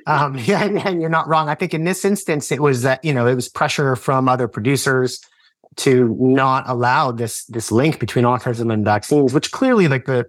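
A man in his thirties, appearing as a podcast guest, earnestly recounts a turning point in his life in casual chat. He rambles, stopping and restarting sentences with lots of fillers. His ordinary-pitched voice is recorded close and dry, with no room echo.

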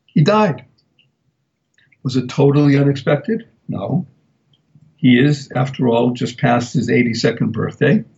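An older man hosting a live talk radio show, speaking slowly and deliberately and spelling words out for emphasis. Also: mid-range voice, creaky, a little mellow, dull audio.

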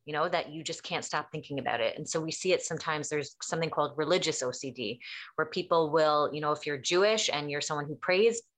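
A woman's voice: sits low, quick pace. A woman therapist explaining things in casual chat, acting out quoted dialogue as she tells stories. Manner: animated storyteller acting out quotes.

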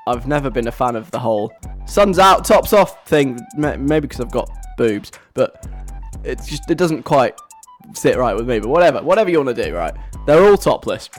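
A radio host in casual, animated chat, telling a story and acting out the voices of people overheard. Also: mid-range voice, fairly quick, few pauses, soft background music. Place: radio studio.

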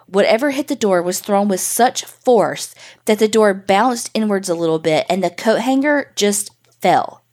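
A woman podcast host reading a first-person paranormal story in a casual, profane, animated way. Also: mid-range voice, unhurried, hardly any pauses.

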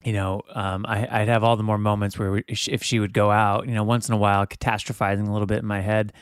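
Smooth, dry-toned man, hesitant. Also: fairly low pitch, little pitch movement, fast, no echo. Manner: hesitant, lots of ums. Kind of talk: casual chat.

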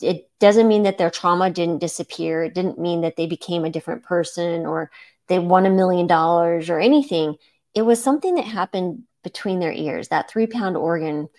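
Earnest woman podcast host, lowish voice. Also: a little mellow. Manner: earnest, encouraging, many "right?" and "um" fillers. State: emotional, near tears. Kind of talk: reflective solo podcast monologue.

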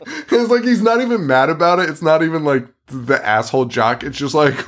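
A man's voice: on the high side, normal speed. A man co-hosting a podcast, casually recapping a movie, laughing often and acting out lines. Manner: animated, laughing, swearing, acts out quotes. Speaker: podcast co-host.

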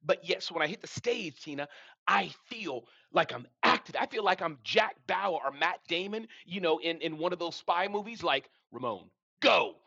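A man in his late forties hosting a live audio room, with a voice that sits a little high for a man. He is animated and keeps saying the listener's name. The sound is dry and a bit dull. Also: normal speed, vocal fry, no echo. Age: 40s. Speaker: show host.

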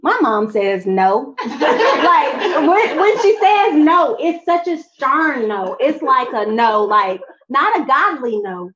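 A young adult woman telling a personal faith testimony in an animated way, talking straight to her audience. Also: high-pitched, slow, muffled recording. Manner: animated, addresses audience directly. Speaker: speaker sharing a testimony.

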